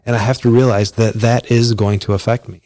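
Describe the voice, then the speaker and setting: A man's voice: medium pitch, little pitch movement, fairly quick, mellow, no echo. A man hosting his own podcast, talking casually and personally into a close mic, with frequent restarts and fillers. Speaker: podcast host. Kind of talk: solo podcast monologue.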